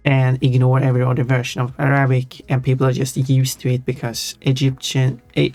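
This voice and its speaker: A man livestreams while drawing, chatting casually and rambling as he thinks aloud, often correcting himself mid-sentence. His voice is mid-range and a little mellow.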